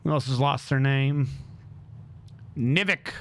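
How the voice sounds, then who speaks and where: Taking it slowly, a man with a mid-range voice mutters to himself while streaming a game, humming here and there. Slight background noise sits under this casual gameplay commentary.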